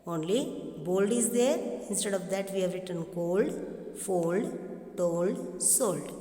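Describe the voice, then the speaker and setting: Indian English woman, primary English teacher; slow, repeats every line for dictation, echoey room with a long tail. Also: fairly low pitch, dark tone. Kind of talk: classroom revision lesson.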